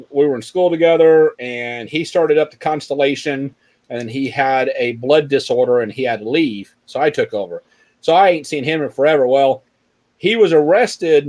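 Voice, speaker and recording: Profane storytelling man, fairly high voice. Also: darkish tone. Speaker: podcast host. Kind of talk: casual chat with storytelling.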